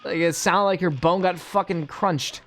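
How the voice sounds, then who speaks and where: A man rambles through casual gameplay commentary in a slightly high voice, sarcastic and full of stumbling restarts. Faint game music plays underneath. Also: normal speed, fairly bright tone. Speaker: gaming YouTuber.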